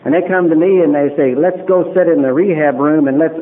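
A man's voice: fairly high pitch, a little fast. Folksy man telling his story, tinny recording. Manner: folksy storyteller who acts out what people said. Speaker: speaker at a recovery meeting. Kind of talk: personal testimony talk. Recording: tinny lo-fi recording with faint hiss.

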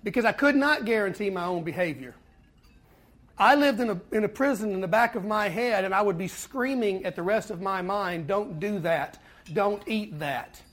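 A man giving a personal recovery talk to a fellowship meeting, telling his story earnestly with pauses and repeated words. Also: sits high, expressive, a bit bright. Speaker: speaker at a twelve-step fellowship meeting.

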